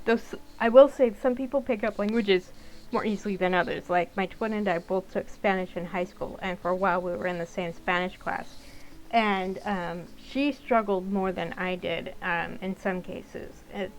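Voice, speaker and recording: A woman's voice: medium pitch, slight background noise, rough recording. Chatty young woman reading a game aloud. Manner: chatty, rambling, with fillers. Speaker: gaming channel host. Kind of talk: let's-play narration and casual commentary.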